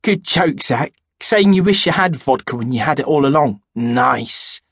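A man voicing an easygoing, loyal teenage boy with a husky voice. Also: medium pitch, expressive, a little slow, fairly bright tone, no room sound, studio quality, pitched above the performer's own voice, full character voice. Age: teens. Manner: casual, reassuring.

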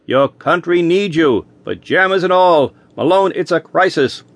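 A man's voice: fairly high pitch, animated, measured pace, dry recording, pitched above the performer's own voice. A man voicing a harried, snappish middle-aged FBI chief who talks in an urgent, flustered way in an audiobook. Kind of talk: audiobook character voice.

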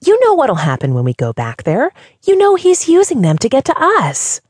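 A woman's voice: lowish voice, big pitch swings, moderate pace, mellow, slightly rough, dry recording, studio quality, voice pushed up, full character voice. A woman voicing an anxious but determined young woman who pleads and pushes her point, at times heatedly. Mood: angry. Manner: pleading, rising to heated insistence.

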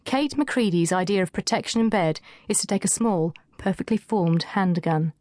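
Woman audiobook narrator, mid-pitched, wry delivery, dry studio read. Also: moderate pace, darkish tone, no echo.

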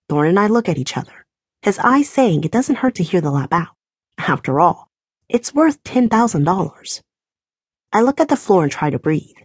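A woman narrating a first-person romance audiobook with an emotional, animated reading. Her low, breathy voice rises and falls widely in pitch. Close, dry recording with no room sound. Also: moderate pace, no echo.

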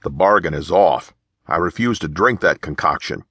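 A man's voice: rumbling low, animated, moderate pace, sharp tone, dry recording, heavily acted. A man voicing a stubborn young male soldier who grumbles indignantly.

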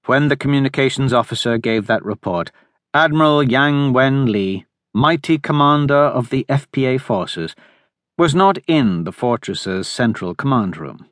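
A man narrating an audiobook in measured, steady storytelling in a recording studio. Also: mid-range voice, no echo. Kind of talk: scripted narration. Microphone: close studio mic.

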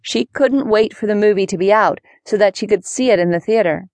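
A woman narrating a children's mystery audiobook in clear, even storytelling. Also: medium pitch, brisk, no room sound.

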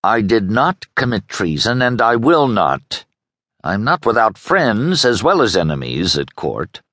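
A man voicing a stubborn, principled soldier in an audiobook, calm and firm. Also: on the low side, measured pace, dry recording, heavily acted. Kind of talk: audiobook character voice.

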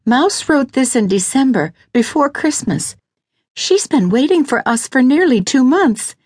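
Earnest young wife, high and tearful, played by a woman narrator; storybook reading. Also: sing-song, unhurried, darkish tone, no room sound, studio quality, full character voice. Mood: pleading. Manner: earnest, pleading.

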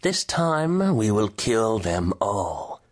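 A man's voice: lowish voice, sing-song, very slow, voice pushed up, exaggerated voice. A man voicing a brutal, scornful army general who plans a slaughter in an audiobook. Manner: scoffing, menacing.

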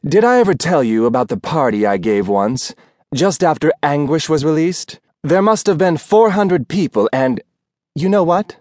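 A man's voice: fairly high pitch, expressive, moderate pace, darkish tone, no room sound, studio quality, voice pushed up, natural voice. A man voicing a faded former film star, an older woman who is grand, theatrical and fond of drink. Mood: grandiose. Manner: haughty and theatrical.

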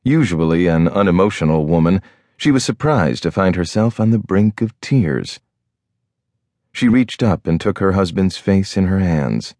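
Deep-voiced male audiobook narrator. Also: lively intonation, normal speed, a little mellow, no echo, clean studio sound. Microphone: close studio mic.

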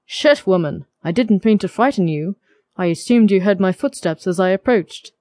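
A cocky, teasing young man in a romance audiobook, his voice pitched noticeably low and easy, as a woman narrator puts him on. He talks in a playful, wry way, close and dry with no room sound. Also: expressive, moderate pace, a little mellow, no room sound, natural voice.

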